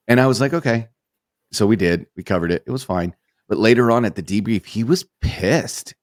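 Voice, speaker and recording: A man co-hosting a podcast, a former narcotics officer recounting police anecdotes in a measured, wry way. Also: fairly low pitch, animated, darkish tone, no echo, clean studio sound. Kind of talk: casual storytelling.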